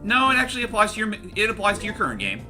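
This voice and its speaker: A man's voice: high voice, wildly swooping pitch, very fast, over music. A man hosting a casual video game review chat, rambling and correcting himself as he goes. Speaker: host.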